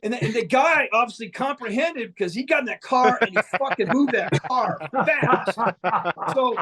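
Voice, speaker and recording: A man's voice: very high-pitched, lively intonation, moderate pace, pushed and bright, breathy edge. A man, a guest musician, telling a long anecdote in a casual, profane, rambling way with frequent restarts. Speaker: band member guest. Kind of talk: casual storytelling.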